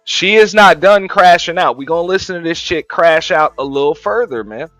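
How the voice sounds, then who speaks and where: High bright-voiced man, profane laid-back host. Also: animated, normal speed, soft background music, rough recording. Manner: laid-back, swearing, laughing, repeats phrases. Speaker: show host reacting to clips. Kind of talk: casual profane reaction commentary.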